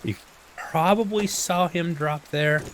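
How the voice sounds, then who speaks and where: A man's voice: a little high, takes it slowly, background noise. A man casually commenting as he plays a video game, chatty and self-mocking, with rambling asides, talking into a desk microphone. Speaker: gameplay video host. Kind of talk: casual let's-play commentary.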